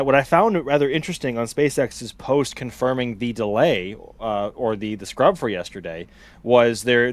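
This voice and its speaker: A man co-hosting a live launch stream, talking in a thoughtful, meandering way. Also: medium pitch. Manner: thoughtful, many fillers and restarts. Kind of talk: casual live-stream commentary.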